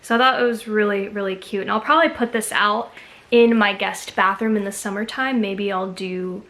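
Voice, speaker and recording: A woman's voice: mid-range voice, steady tone, moderate pace, a bit bright. A woman from Texas chatting casually to camera as a haul vlogger, gushing enthusiastically over each find.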